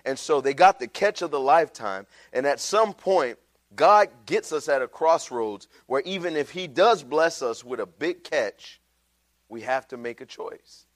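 A man's voice: fairly high pitch, expressive, a little slow. A middle-aged pastor preaching a sermon, telling his own story in a casual, heartfelt way. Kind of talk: sermon with personal testimony.

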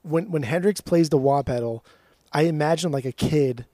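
Foul-mouthed teasing man, fairly high voice. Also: moderate pace, dry recording, studio quality. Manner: profane, teasing, animated storyteller. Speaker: podcast co-host. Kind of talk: casual chat.

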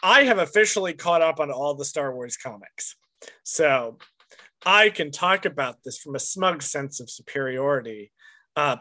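A man with a fairly high, bright, forceful voice talks through a relaxed podcast chat. He is wry and self-mocking and drops quick asides as he goes. His tone stays sharp and lively throughout. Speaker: podcast co-host.

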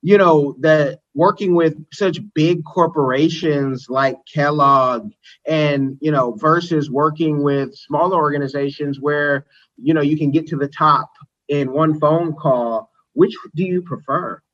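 A man's voice: fairly high pitch, fairly even intonation, a little slow, a bit bright. Easygoing man host, dull lo-fi sound. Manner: easygoing, playful, chuckles between questions. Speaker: interview host. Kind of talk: casual interview conversation. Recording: slightly dull lo-fi audio.

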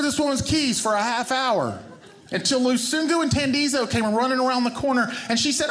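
A man's voice: very high voice, fairly quick, background noise. A man with a Southern US accent doing stand-up, telling a story with self-mocking asides. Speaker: comedian.

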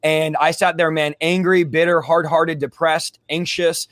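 This young man from California has a slightly high, a bit bright voice with a level tone, speaking a little slowly in a dry, studio-quality recording. Telling his testimony as an interview guest, he's fervent yet casual, throwing in slang such as "bro" and "dude".

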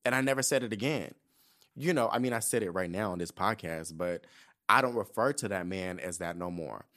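Animated, profane man in his thirties. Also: deep voice, fairly quick. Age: 30s. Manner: animated, profane, acts out quoted voices. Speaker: podcast host. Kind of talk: casual chat.

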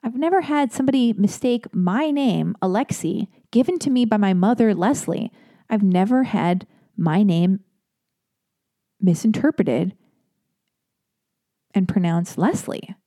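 A woman hosting a podcast alone, chatting casually in a rambling way with animated asides. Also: mid-range voice, measured pace, long pauses, no echo, clean studio sound. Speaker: podcast host. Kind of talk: casual solo podcast talk.

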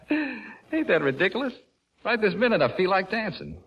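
An actor playing a folksy, joking American army corporal, in a 1940s radio drama. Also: male voice, high-pitched, big pitch swings, unhurried, vocal fry, highs cut off, full character voice. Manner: folksy, joking, chuckles often. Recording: old radio recording with faint hiss.

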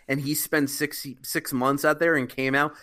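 A tipsy man holds court on a casual podcast, looping back over his words and laughing along the way. His voice is bright and sits a little high for a man. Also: flat delivery, normal speed. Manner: rambling, repeats himself, laughs often. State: drunk. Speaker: podcast co-host. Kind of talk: casual drunken chat.

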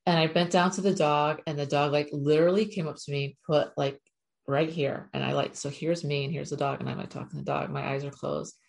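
Low-voiced, chatty middle-aged woman. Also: fairly even intonation, brisk, vocal fry. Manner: chatty and frank, with casual swearing. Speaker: animal communicator and spiritual teacher. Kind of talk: casual spiritual talk to viewers.

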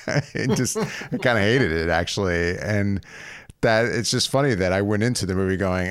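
Low smooth-voiced man in casual chat. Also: moderate pace, no echo, studio quality. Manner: rambling, often laughing, many restarts. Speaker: podcast co-host.

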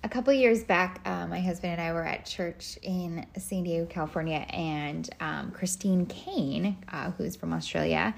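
A woman's voice: on the low side, moderate pace, creaky, hardly any pauses. A woman in her thirties hosting a podcast, chatting casually with lots of fillers and restarts. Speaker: podcast host. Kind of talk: casual solo podcast talk.

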